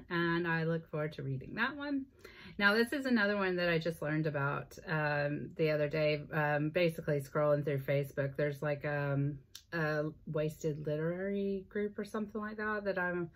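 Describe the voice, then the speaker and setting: A woman, chatting enthusiastically to camera about books, with plenty of ums and restarts. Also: deep voice. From American South. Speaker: book vlogger. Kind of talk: casual chat to camera.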